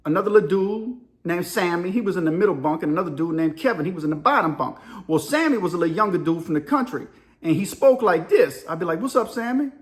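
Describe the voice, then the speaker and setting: Talking fast with lively intonation, a middle-aged man whose voice sits high delivers a casual storytelling monologue. As a storyteller and channel host, he acts out voices and sound effects and laughs frequently.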